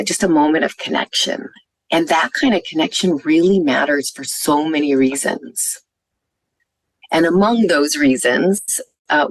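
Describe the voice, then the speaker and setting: A woman physician speaks earnestly at a conference venue, telling warm stories punctuated by fillers. Her voice is low and gravelly; the recording is dry and rough.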